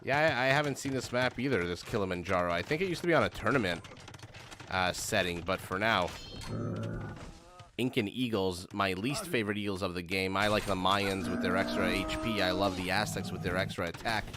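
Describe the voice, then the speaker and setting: Speaking fairly quickly in a low voice, a man casts a strategy game match live, chatting straight to his audience. He uses a streaming microphone, and the live stream recording is noisy.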